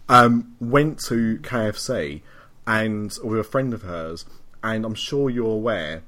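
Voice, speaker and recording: A man's voice: fairly low pitch, slow, sharp tone. A man hosting a podcast in casual chat, rambling through stories and laughing often. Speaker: podcast host.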